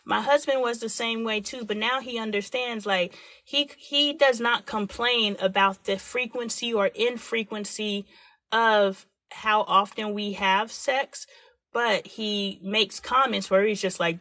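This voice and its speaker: On her live stream, a woman in her forties talks openly and animatedly, dramatizing quoted voices. Her mid-range voice has fairly even intonation, a measured pace, a fairly bright tone, and no echo.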